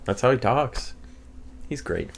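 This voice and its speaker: A man's voice: mid-range voice, measured pace, vocal fry, slightly rough. Young man joking through a playthrough. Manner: joking, sarcastic, lively voices for quotes. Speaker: let's play co-host. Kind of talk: casual gameplay commentary. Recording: game music faintly behind.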